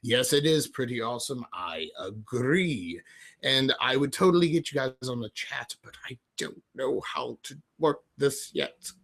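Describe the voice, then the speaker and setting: A man livestreams casually from home, rambling and replying to chat messages in a put-on British-sounding accent that drifts in and out. His voice is medium in pitch and fairly bright, with lively intonation and a measured pace.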